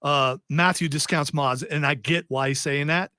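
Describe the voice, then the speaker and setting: A man's voice: fairly high pitch, fairly even intonation, normal speed, sharp tone. A man hosting a radio talk show, chatting casually with a rambling, restarting way of talking. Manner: rambling, many restarts and fillers. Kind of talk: casual group chat on radio. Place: radio studio.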